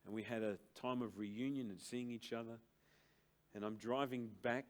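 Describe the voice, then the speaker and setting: An older man preaching a sermon to a church congregation, slow and emphatic, with dramatic pauses and big swings between loud and soft. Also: mid-range voice, steady tone. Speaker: pastor. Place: church service.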